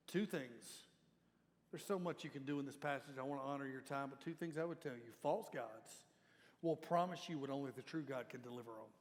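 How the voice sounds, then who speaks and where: A man with a medium-pitched voice, talking a little fast, preaches a sermon as lead pastor. He speaks conversationally and appeals directly to his congregation, and the recording carries the reverb of a church hall.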